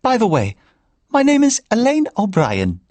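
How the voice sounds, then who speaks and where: A man's voice: sits high, wildly swooping pitch, measured pace, a little mellow, no echo, voice pushed up, exaggerated voice. A man reading an audiobook and voicing a chatty older Irish grandmother with a lilting, friendly way of talking. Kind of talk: audiobook character voice.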